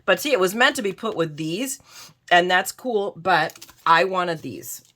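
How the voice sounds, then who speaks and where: A chatty woman from southern Florida unboxes craft supplies at her desk, her voice a touch low yet bright and forward. She rambles, restarts her sentences and teases herself as she goes. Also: expressive, unhurried, a little hiss or hum. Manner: chatty, rambling, self-mocking, with frequent restarts. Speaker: craft vlogger. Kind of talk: casual unboxing chat.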